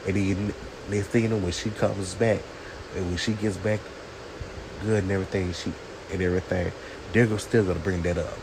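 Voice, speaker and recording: A man's voice: deep voice, fairly even intonation, fairly quick, background noise. A man reviewing a TV show in a sassy, opinionated rant, talking straight to his viewers.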